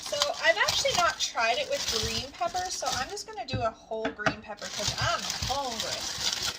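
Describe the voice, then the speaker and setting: A woman's voice: high-pitched, expressive, normal speed, very noisy. A woman vlogging casually at home, chatting cheerfully while she cooks. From Canada. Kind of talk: casual chat.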